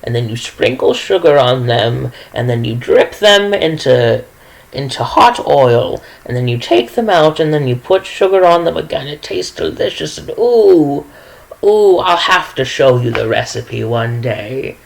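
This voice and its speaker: A woman's voice: deep voice, lively intonation, unhurried, gravelly, heavily acted, low-quality recording. A woman voicing a sweet, chatty little old widow who fusses and rambles about her baking. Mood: cheerful, chatty. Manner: fussy, chatty, scattered.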